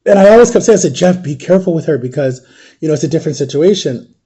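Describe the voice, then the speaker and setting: A man's voice: on the high side, lively intonation, fast, warm tone, husky. Chatty young man telling a story. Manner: chatty, acts out quoted dialogue, often tags "right?". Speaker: vlogger. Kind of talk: casual storytime.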